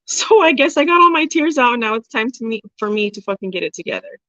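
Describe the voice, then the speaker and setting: A woman's voice: fairly high pitch, animated, fast, pushed and bright, no echo. Woman in her forties, livestream host, candid and casual, laughs a lot, dry close sound with a dull edge. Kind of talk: casual livestream chat reading comments.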